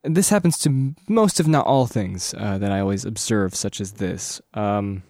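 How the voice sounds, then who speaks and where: A man's voice: fairly low pitch, normal speed, a little mellow, no echo, clean studio sound. A young man hosting a podcast, rambling casually and correcting himself with lots of fillers. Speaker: podcast host.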